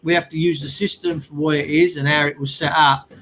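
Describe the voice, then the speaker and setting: A man with a high voice talks in a casual chat, earnest and emphatic. He keeps repeating his key phrases, and faint room noise sits behind him. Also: little pitch movement, brisk, a bit bright, rough recording.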